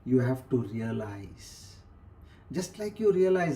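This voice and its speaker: Guy teaching a spiritual talk, soft mellow voice, repeats himself, goes almost whispery sometimes. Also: mid-range voice, sing-song, measured pace. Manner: explains with everyday examples, repeats phrases. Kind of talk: spiritual discourse.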